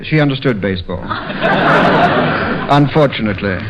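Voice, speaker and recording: A man's voice: on the low side, animated, normal speed, a loud crowd, very noisy. A British man as a radio comedy guest, trading banter in a dry, rueful, self-deprecating way. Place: radio studio. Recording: dull 1930s radio broadcast.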